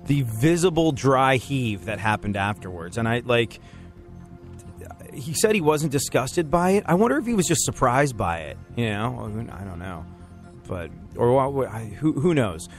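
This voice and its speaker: A man's voice: mid-range voice, animated, moderate pace, soft background music. A man hosting a radio show, rambling through jokes and laughing often. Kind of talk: casual banter on a radio show.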